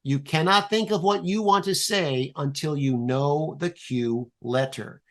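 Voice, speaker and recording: A man guest on a podcast, explaining an improv exercise in a playful, animated way and swearing casually. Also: mid-range voice.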